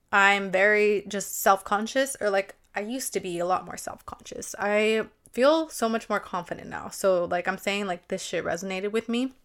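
Young female solo podcaster, chatty and profane, smooth clear voice. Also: medium pitch, a bit bright. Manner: chatty, swears a lot, says "like" often. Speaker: podcast host. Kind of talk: casual solo podcast chat.

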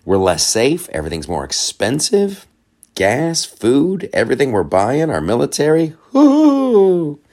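A man's voice: mid-range voice, sing-song, moderate pace, a little mellow. A man hosting a podcast, giving casual political commentary in a sarcastic tone, repeating phrases and laughing at his own points. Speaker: podcast host.

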